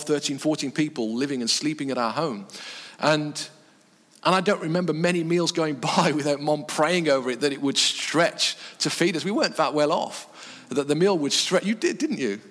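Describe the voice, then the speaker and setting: A man preaching a sermon in earnest short phrases, dropping his voice low on key words. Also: a bit bright. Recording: long reverb from a hall.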